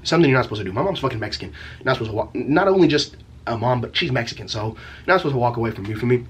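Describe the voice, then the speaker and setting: A man's voice: medium pitch, animated, very fast, husky. A young man telling a story from his teen years in a casual vlog, rambling and profane, packed with slang fillers. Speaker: vlogger.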